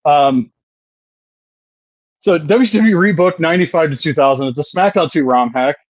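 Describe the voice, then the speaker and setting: A man's voice: on the high side, normal speed, no room sound, lo-fi sound. A man in his thirties co-hosting a podcast, chatting casually, rambling and swearing, often laughing. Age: 30s. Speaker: podcast co-host. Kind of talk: casual chat.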